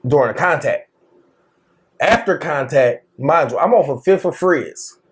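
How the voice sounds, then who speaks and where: Man, high voice, very lively pitch, casual slangy storytelling, laughs a lot. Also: unhurried. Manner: animated, slangy, laughs often, acts out quotes. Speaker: podcast co-host telling a story.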